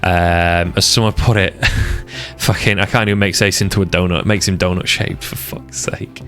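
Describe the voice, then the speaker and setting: Very deep-voiced man rambling passionately. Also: little pitch movement, a little fast, a bit bright, faint music behind. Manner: rambling, repeats and restarts words, passionate. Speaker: streamer discussing anime arcs. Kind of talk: casual unscripted commentary.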